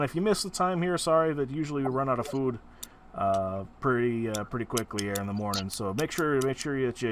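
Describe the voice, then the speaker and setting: A man's voice: mid-range voice, a bit bright, slight background noise, natural voice. A man doing a rambling folksy innkeeper. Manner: rambling with many fillers. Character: male innkeeper, chatty and folksy.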